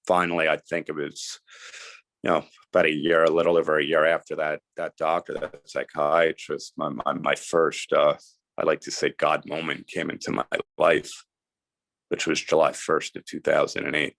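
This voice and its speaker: A man's voice: extremely low pitch, flat delivery, moderate pace, gravelly, a bit bright, no echo. A middle-aged man from New Jersey, a guest telling his life story in earnest, emphatic, casual talk. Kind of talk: candid storytelling interview.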